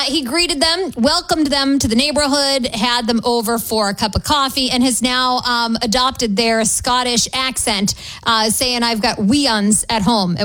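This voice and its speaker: A woman's voice: sits high, fairly bright tone. A woman hosting a radio show, chatting in an upbeat, casual way. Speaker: radio host.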